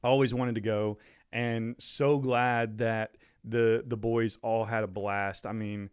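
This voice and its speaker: A man co-hosting a podcast, chatting in an easygoing, halting way about a family outing. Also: fairly low pitch, level tone, clean tone, dry recording, studio quality. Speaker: podcast co-host. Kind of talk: casual chat.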